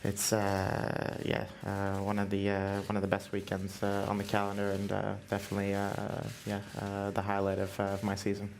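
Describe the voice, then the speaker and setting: Young-ish driver from canada, gravelly flat voice, lots of uhs. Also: male voice, on the low side, moderate pace, hardly any pauses, slight background noise. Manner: hesitant, many fillers. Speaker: racing driver. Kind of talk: press conference answers.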